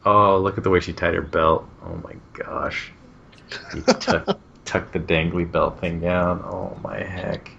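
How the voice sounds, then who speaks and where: A man's voice: low-pitched, flat delivery, measured pace, gravelly, fairly bright tone. A man co-hosting a casual film commentary, joking and laughing often. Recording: dull lo-fi audio with faint hiss.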